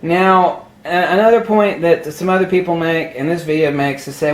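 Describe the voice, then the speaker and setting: A man's voice: on the high side, normal speed. A man ranting about camera gear to the camera, lecturing emphatically, laughing at his own jokes and putting on a mock Australian accent. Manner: puts on a mock Australian accent, says mate a lot. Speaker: photography vlogger. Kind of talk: opinionated gear rant to camera.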